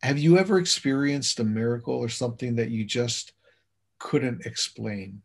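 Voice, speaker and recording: A man's voice: medium pitch, moderate pace, vocal fry. A man hosting a talk show, asking short questions. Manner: brief prompts and questions. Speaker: host. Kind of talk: interview.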